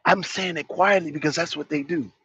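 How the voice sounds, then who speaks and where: A man giving heated commentary on a talk show, ranting in a loud, profane, mocking way. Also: a little high, fairly quick, husky, no room sound. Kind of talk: heated live-stream commentary. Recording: dull, dry lo-fi sound.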